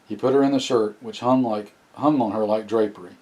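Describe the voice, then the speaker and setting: Male audiobook narrator; low and mellow, steady reading with the odd restart. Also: fairly quick, poor audio. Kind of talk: scripted narration.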